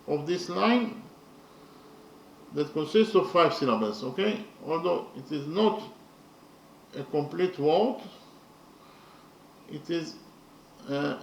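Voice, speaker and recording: Slow gravelly man lecturing from afar. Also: on the high side. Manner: deliberate, repetitive, with hesitant fillers. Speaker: literature lecturer. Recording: roomy, from a distance, faint noise.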